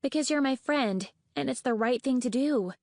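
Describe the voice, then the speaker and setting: A woman voicing an eager, hopeful young female dragon who has visions, in a bright, quick manner. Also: high-pitched, no echo, studio quality, pitched above the performer's own voice. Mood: earnest.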